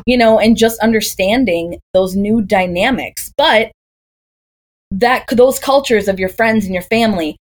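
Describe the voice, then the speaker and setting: A woman's voice: medium pitch, measured pace. A woman in her thirties from Wisconsin, a doula guest on a podcast, talking in a chatty way full of stories and rhetorical questions. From Green Bay, Wisconsin, USA. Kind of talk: casual podcast conversation.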